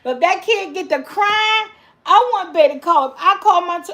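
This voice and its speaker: High-voiced woman chatting casually to viewers. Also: expressive, moderate pace, bright, forceful tone. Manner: rambling and repetitive, addresses viewers as y'all. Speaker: vlogger host. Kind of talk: casual live-stream chat reading viewer comments.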